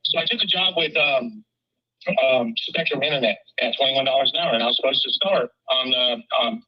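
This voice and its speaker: A man with a husky, slightly raised voice talks quickly on a recorded phone line. He rambles through a long story and swears freely. The call sounds muffled and lo-fi. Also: mid-range voice. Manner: rambling and profane. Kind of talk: casual phone conversation.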